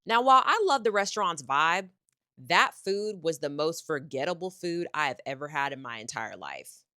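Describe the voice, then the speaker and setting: A woman's voice: deep voice, very animated, moderate pace, pushed and bright, dry recording. A young American woman vlogger telling a sassy, profane travel story. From United States. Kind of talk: storytime vlog.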